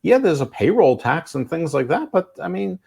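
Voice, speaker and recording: A male co-host of a casual podcast whose pitch swings freely, rising and dipping as he stumbles through restarts. He talks in a chatty, halting way and drops dry jokes into the conversation. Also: big pitch swings, gravelly, a little mellow, breathy edge. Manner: halting, many restarts, dry jokey asides.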